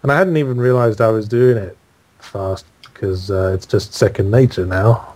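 A man from the United Kingdom, an author speaking as a guest in a casual interview, dry and self-deprecating, speaking in quick bursts. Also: lowish voice, darkish tone, a little hiss or hum.

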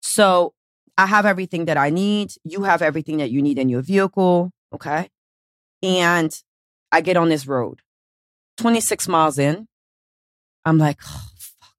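A woman with a fairly low voice delivers a motivational podcast monologue, coaching listeners in a blunt, casual way. She swears freely and tells her points as animated little stories. The sound is close and dry, with no room around it. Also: moderate pace, no room sound. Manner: casual, profane, animated storytelling. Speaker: podcast host and weight-loss coach.

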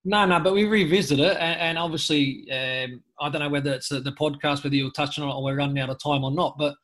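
A man's voice: on the high side, steady tone, quick pace, fairly bright tone. A man from Australia, a former footballer, speaking earnestly as a podcast guest, restarting sentences often with lots of fillers. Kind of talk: conversational interview.

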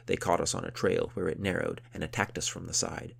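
A man voicing a boastful, hot-tempered warrior count who talks loudly and grandly. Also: low voice, fairly even intonation, brisk, gravelly, slightly rough, full character voice. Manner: loud, blustering, grandly boastful.

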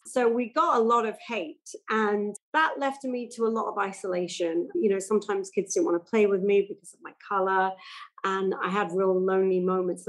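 A woman, a podcast guest chatting casually and telling animated stories. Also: medium pitch, low-quality recording. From England. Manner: animated storytelling, acts out quoted voices. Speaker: guest, entrepreneur and investor. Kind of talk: casual interview chat.

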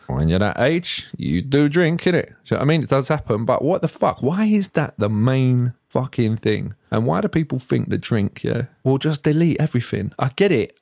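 Male podcast host, 30s, mid-pitched, vexed and sweary, dry close recording. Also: vocal fry, darkish tone, dry recording. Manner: swearing, exasperated, slangy; stutters and restarts when worked up. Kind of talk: solo podcast rant.

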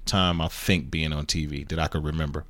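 A man being interviewed as a guest rapper, talking in a relaxed, easygoing way. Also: rumbling low, a little fast, no room sound. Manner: relaxed and easygoing, says "bro" and "you know what I mean". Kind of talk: casual interview chat.

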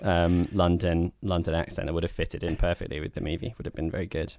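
A man's voice: sits low, little pitch movement, fast, a little mellow, slight background noise. A man co-hosting a podcast, talking about films in a wry, rambling way with plenty of restarts. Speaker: podcast co-host. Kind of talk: casual film review chat.

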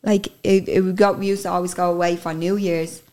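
Irish woman, gravelly voice, candid interviewee recounting a personal story, blunt and emotional, casual swearing. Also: on the low side, flat delivery, brisk, darkish tone.

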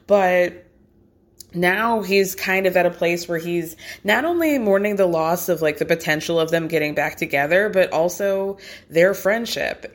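A young woman casually recapping a reality show in a gossipy, chatty way, full of asides. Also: lowish voice.

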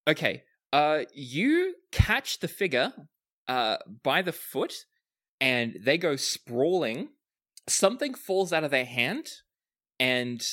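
A man narrating a tabletop game as game master, lively and hesitant with fillers. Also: fairly high pitch.

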